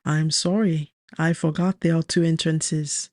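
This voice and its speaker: A woman voicing a silky, raspy French man. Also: low voice, little pitch movement, measured pace, darkish tone, dry recording. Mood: polite. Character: charming French man, polite and unhurried. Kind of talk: audiobook character dialogue.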